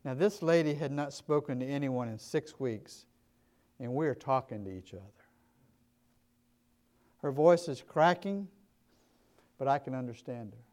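A male pastor with a Southern US accent telling stories in a sermon, earnest and emphatic, moving between quiet and loud passages. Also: mid-range voice, animated, unhurried, long pauses. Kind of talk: sermon storytelling.

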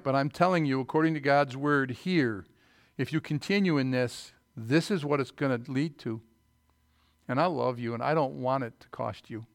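A middle-aged man preaching a sermon as pastor, swinging from loud emphatic bursts to quieter asides and light teasing. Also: fairly high pitch, no echo, clean studio sound.

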